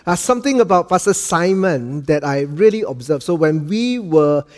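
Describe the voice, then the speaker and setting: A man's voice: fairly high pitch, expressive, moderate pace, a little mellow. A man with a Malaysian accent, a guest pastor opening his sermon in a chatty, joking way, often adding "okay?". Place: church auditorium. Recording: long hall reverb.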